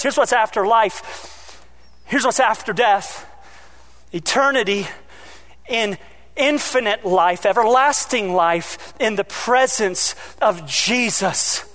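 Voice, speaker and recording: High-voiced man preaching a lively sermon. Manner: animated, swings between loud emphasis and quiet asides; joking asides to the congregation. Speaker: pastor.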